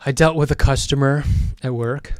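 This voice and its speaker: This mid-range male voice keeps a fairly even intonation at a moderate pace, with a clean tone and studio quality free of room sound. He streams and chats casually, reading out chat comments and rambling with many self-questioning restarts, then gets louder and more heated later.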